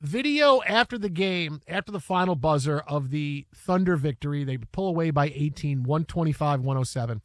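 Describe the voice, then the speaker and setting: Animated high-voiced male sports host. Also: moderate pace, few pauses, no echo. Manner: animated storytelling, acts out quotes. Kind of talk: casual sports chat.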